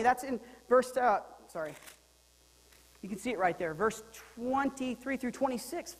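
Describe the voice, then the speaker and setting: A male pastor preaching a sermon in a lively, joking way, swinging between loud and quiet. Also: extremely high pitch, a little slow, long reverb tail, poor audio. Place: church sanctuary.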